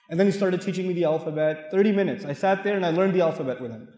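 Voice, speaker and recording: A man from Pakistan lecturing to a mosque audience, telling stories in an animated way and laughing often. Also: sits high, quick pace, reverberant, in a large hall. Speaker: speaker.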